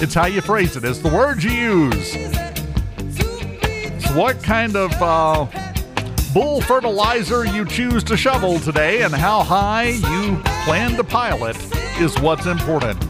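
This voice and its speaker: A man's voice: high voice, big pitch swings, slow, loud music behind the voice. A man hosting a talk radio show in a studio, delivering a blunt, sarcastic opinion monologue with emphatic repetition.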